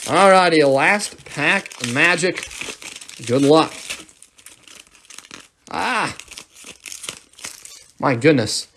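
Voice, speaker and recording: A man's voice: fairly high pitch, animated, drawn-out words, pauses often, fairly bright tone, a little hiss or hum. Upbeat man calling a live card break. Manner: upbeat, rattles off player names, thanks viewers.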